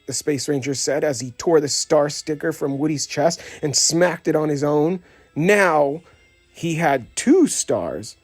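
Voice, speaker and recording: A man's voice: a little high, a little slow, husky, dry recording, faint music behind. A man reading a children's story aloud as narrator, telling it expressively. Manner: expressive storyteller voicing every character. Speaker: audiobook narrator. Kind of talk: scripted read-aloud narration.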